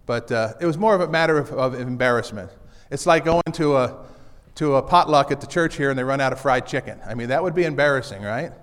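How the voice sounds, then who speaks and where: A man's voice: medium pitch, fast talker, hardly any pauses, fairly bright tone, big-room sound. A man preaching a casual sermon in a church, in a folksy way, often repeating his key lines. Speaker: pastor. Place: church sanctuary.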